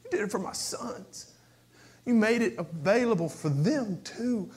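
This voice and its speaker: A male pastor with a notably high voice delivers a passionate sermon at an unhurried pace. He swings from shouted cries to hushed whispers and leans on repetition. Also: lively intonation. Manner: repeats phrases for emphasis.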